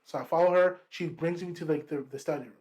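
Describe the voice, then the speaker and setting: A man co-hosting a podcast, telling a story in casual chat, lively and profane, acting out what people said. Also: fairly high pitch, fast, dull audio. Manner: animated, profane, acts out quotes. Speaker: podcast co-host.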